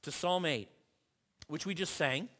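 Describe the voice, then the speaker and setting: A man preaching a sermon, building to forceful peaks and dropping low again, with frequent restarts. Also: measured pace. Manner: impassioned preaching, rising and falling in force, with restarts. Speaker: pastor.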